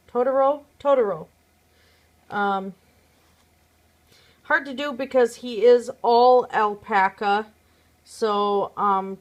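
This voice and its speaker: A woman chatting casually at home, showing her craft pieces to a phone camera, rambling with many fillers. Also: mid-range voice. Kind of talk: casual show-and-tell chat.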